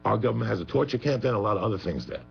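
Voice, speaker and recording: A man's voice: fairly low pitch, animated, rapid-fire, creaky, a crowd in the background. A man talking as a guest on a radio show, rambling, profane and emphatic. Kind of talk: heated profane talk radio chat. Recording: muffled radio broadcast with faint hum.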